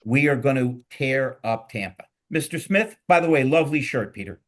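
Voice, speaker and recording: A man's voice: medium pitch, expressive, normal speed. A middle-aged man with a Philadelphia accent hosting a casual panel show, rambling and joking with energy. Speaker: podcast host.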